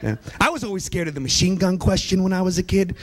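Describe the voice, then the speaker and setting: A man doing stand-up comedy at a church, animated and quick to slip into impressions of his family. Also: high voice. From US East Coast. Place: church hall.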